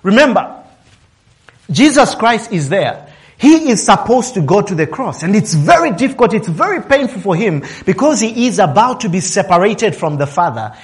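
A man delivers a sermon in a somewhat high voice. He rises and falls in pitch and loudness to stress his points, acting out quotes and breaking into short laughs. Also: sing-song, normal speed. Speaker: preacher. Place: office worker.

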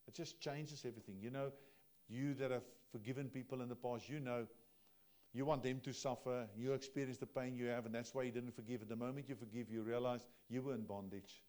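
Speaking at a normal speed with long pauses, a male pastor delivers a sermon from the pulpit in a mid-range voice. His talk to the congregation is direct and plain, alternating soft, low remarks with loud, forceful stretches.

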